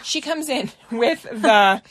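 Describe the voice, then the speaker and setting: A young woman co-hosts a podcast, telling a story in a casual chat with laughter and animated acted-out quotes. Her voice is on the high side and slow, with no echo.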